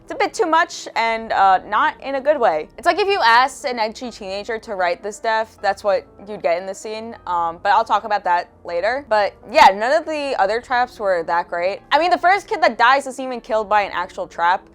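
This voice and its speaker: A woman's voice: a little high, expressive, normal speed, hardly any pauses, fairly bright tone, faint music behind. A young woman giving a casual commentary rant as a video essayist, profane, sarcastic and exasperated.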